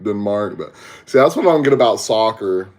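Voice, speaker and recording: Speaking a little fast, this young podcast host from Texas has a lowish, animated, slightly mellow voice and a Southern accent. He chats casually with livestream viewers over a headset mic, staying laid-back and slangy as he talks to chat.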